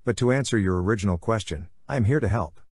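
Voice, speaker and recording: Guy reading as a smug sarcastic warlord, low voice, dry close sound, mocking then snapping. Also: fast, a little mellow, no echo. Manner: smooth, sarcastic, flares into fury. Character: scheming silver-tongued male warlord, mocking and bitter. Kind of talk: audiobook character voice.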